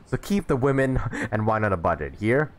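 A man's voice: on the low side, very animated, moderate pace. A man voicing a cocky, boisterous old English drunk who lectures a younger man. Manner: jovial, teasing, laughing.

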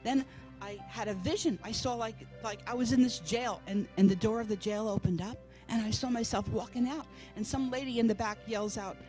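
A woman's voice: fairly high pitch, a little fast, hardly any pauses, darkish tone, faint music behind. A woman preacher telling a personal testimony in a church service, storytelling and acting out the voices of people she quotes. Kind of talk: testimony sermon.

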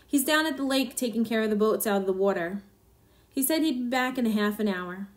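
A woman's voice: a little high, animated, a little fast, natural voice. Brief: woman voicing worried middle-aged wife, pleading, fearful, storybook reading.

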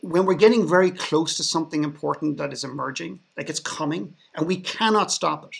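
Here the same kind of Irish podcast guest sounds a little fast and creaky, his pitch on the high side. Sharing a story on a panel, he keeps things sarcastic and frequently starts his sentences over.

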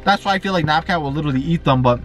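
A man's voice: on the high side, rapid-fire, loud music behind the voice. Hyped young man vlogging. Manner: hyped, repeats himself, slangy. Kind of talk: excited casual vlog.

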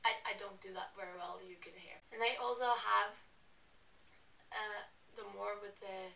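A Norwegian woman with a Norwegian accent, giving a casual language lesson and slowly repeating example words. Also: mid-range voice, fairly even intonation, creaky, sharp tone, recorded from a distance. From Norway. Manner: chatty, explains words by repeating them slowly. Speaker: language teacher. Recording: echoey room, voice a bit off-mic.

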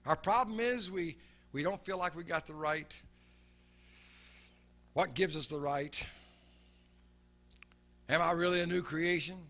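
An older man delivers a sermon in a fairly high voice for a man. He talks earnestly and circles back on his own words. When he quotes others, his voice drops to a quiet murmur. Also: measured pace, long pauses. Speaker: preacher.

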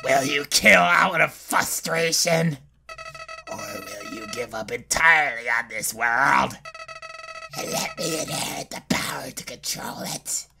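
Man voicing sneering evil flower, slow taunting drawl, pitched low. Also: wildly swooping pitch, gravelly, sharp tone, soft background music, full character voice. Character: sly menacing flower, male, cruel and taunting.

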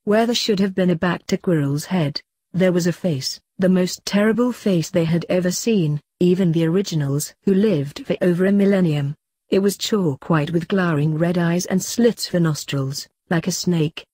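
A woman reading fanfiction aloud in a steady, even narration. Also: lowish voice, normal speed, slightly rough, no echo. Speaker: fanfiction reader.

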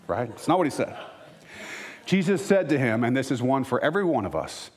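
A man's voice: mid-range voice, animated, a little fast, breathy edge. A male pastor preaching a sermon, reading scripture aloud and voicing quoted lines with dramatic emphasis. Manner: rises to emphatic, louder lines.

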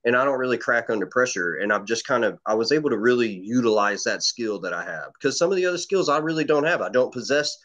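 Here a competitive shooter guest on a casual podcast talks quickly with lively intonation and almost no pauses, his medium-pitched voice slightly bright. He rambles through anecdotes, swearing and leaning heavily on fillers. The sound quality is dull and lo-fi.

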